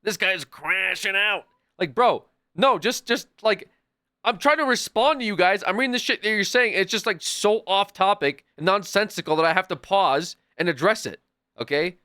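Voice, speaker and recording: A man's voice: sits high, normal speed, bright, forceful tone, dry recording, studio quality. A man streaming a game live, talking back to his chat in an exasperated, swearing rant. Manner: frequent swearing. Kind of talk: live gaming stream commentary.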